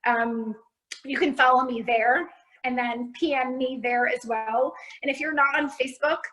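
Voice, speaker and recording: Upbeat fitness coach, woman, bright high register, video-call sound. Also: fairly even intonation, normal speed, low-quality recording. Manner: upbeat, encouraging instructor. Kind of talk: virtual class Q&A.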